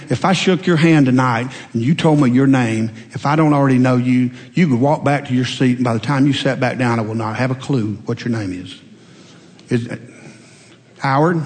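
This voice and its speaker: A man pastor preaching a sermon, folksy and conversational, telling homespun stories and rising to emphatic peaks. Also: on the high side. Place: church sanctuary. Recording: long hall reverb.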